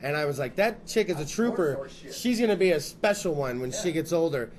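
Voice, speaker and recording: A man's voice: on the high side, lively intonation, a little fast, darkish tone. A man hosting a casual talk show, joking loosely and crudely with his guest. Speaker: podcast host. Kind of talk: casual chat.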